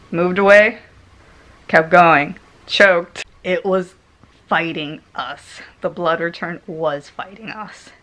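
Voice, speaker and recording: Animated woman telling a personal story. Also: on the low side. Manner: animated, laughs often while telling; swings between loud and hushed tones. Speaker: vlogger. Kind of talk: casual storytelling vlog.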